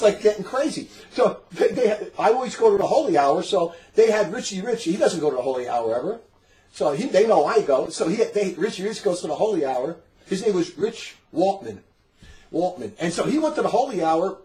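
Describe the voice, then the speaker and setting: A middle-aged man with a rather high voice tells a story in casual conversation. He is animated and laughs often. He slips into the voices of the people in his tale. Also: a little fast, rough recording. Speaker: storyteller in a religious talk recording.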